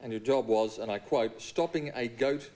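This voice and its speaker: A man's voice: mid-range voice, normal speed, mellow. A man hosting a television talk show, asking his guest questions in a wry, teasing way.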